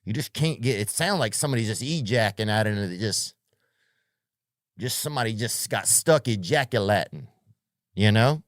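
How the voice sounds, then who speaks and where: A man's voice: fairly low pitch, lively intonation, moderate pace, dry recording, clean studio sound. A man hosting a podcast with a comedic monologue, rambling, swearing a lot and sounding keyed up. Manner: rambling, profane, riffing. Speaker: podcast host.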